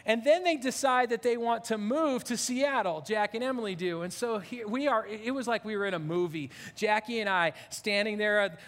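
A man in his fifties preaching a sermon as a pastor, animated and emotional, often restarting his sentences. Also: sits high, big-room sound. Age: 50s.

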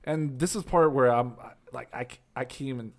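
A man's voice: medium pitch, fairly quick. A man co-hosting a podcast, chatting casually in a laid-back, joking and profane way. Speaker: podcast co-host. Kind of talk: casual chat.

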